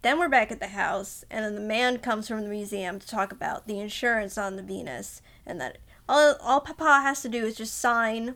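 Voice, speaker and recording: A woman's voice: medium pitch, normal speed, fairly bright tone. A woman co-hosting a film podcast, casually recapping the plot and acting out bits of dialogue. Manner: recaps plot, acts out lines. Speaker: podcast co-host.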